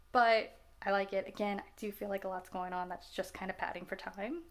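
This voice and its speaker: A woman in her twenties chatting casually about movies she just watched, rambling, laughing often and restarting her sentences. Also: mid-range voice. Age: 20s. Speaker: vlogger reacting to films.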